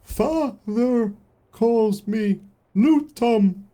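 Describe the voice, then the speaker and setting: A man's voice: very high voice, extremely slow, mellow, voice pushed up, exaggerated voice. A man voicing an upset, child-like male clay creature that wails and pleads for its father. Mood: plaintive. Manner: wailing, pleading.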